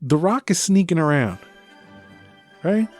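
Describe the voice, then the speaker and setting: A man's voice: a little high, animated, a little slow, darkish tone, soft background music. A man co-hosting a podcast, chatting casually about a movie. He swears, acts out his own reactions, and mixes Spanish slang into his English. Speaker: podcast co-host. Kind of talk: casual movie review chat.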